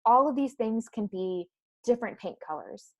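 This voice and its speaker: A woman's voice: a little high, lively intonation, moderate pace, no room sound, lo-fi sound. A woman coach talking reflectively in a casual podcast chat, laughing often.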